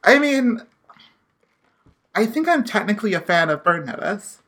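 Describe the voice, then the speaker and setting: A young woman with a bright, clear tone co-hosts a podcast in casual banter. She hesitates often, leans on "like" and "um," and restarts her sentences as she works through a role-play. Her pitch sits in an ordinary middle range. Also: very animated, normal speed. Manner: hesitant, filler-heavy, lots of "like" and "um". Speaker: podcast co-host.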